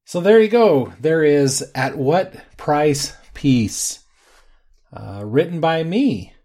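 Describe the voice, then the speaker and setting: A man hosting a podcast, relaxed and chatty in casual talk, with frequent "uh" fillers. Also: fairly high pitch, slow pace. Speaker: podcast host.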